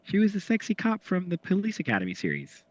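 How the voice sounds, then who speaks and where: A man's voice: high voice, wildly swooping pitch, fast talker, no echo, muffled recording. A man co-hosting a podcast, chatting in a playful, teasing way. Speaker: podcast co-host. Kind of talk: casual chat.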